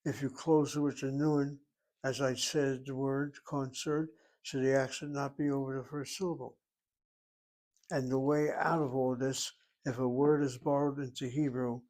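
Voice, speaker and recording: A man teaching a Hebrew class, explaining grammar in a deliberate, step-by-step way and sometimes thinking aloud. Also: medium pitch, little pitch movement, darkish tone.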